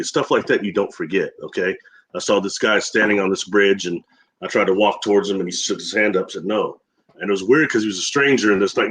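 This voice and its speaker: A man's voice: fairly low pitch, fairly bright tone. A man who is a guest on a radio talk show, telling rambling stories with frequent laughs and acting out the voices of people he quotes.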